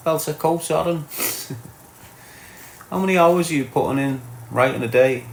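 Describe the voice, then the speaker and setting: A man's voice: a little high, steady tone, a little slow, vocal fry, reverberant, slight background noise. A man with a Scouse accent hosting a casual livestream, greeting commenters by name in local slang. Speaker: livestream host reading chat comments. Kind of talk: casual live chat.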